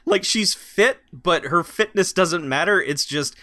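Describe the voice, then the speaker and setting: Man, bright tense tone, sarcastic movie chat, dry close mic. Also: high-pitched, lively intonation, no echo. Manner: wry, sarcastic asides, quick jokes. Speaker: podcast co-host. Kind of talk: casual movie recap chat.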